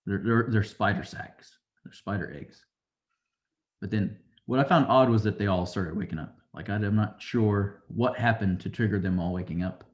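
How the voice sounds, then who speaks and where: Low-voiced man rambling through a recap. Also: normal speed, lo-fi sound. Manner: rambling, loose retelling with acted-out quotes. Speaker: show reviewer. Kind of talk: casual episode recap.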